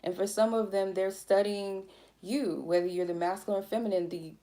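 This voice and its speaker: Chill woman doing a tarot reading, dark mellow voice, swears a lot, real laid back. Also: medium pitch, steady tone, a little fast. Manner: blunt, profane, mellow and chill. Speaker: tarot reader. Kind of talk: casual spiritual reading monologue.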